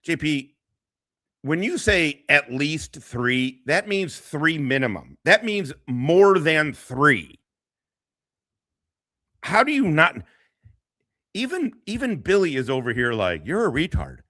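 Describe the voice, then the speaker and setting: A man's voice: fairly high pitch, big pitch swings, takes it slowly, long pauses, sharp tone, no echo. A man hosting a livestream, ranting in a crude, mocking way and laughing often. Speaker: streamer host. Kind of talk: profane casual livestream rant.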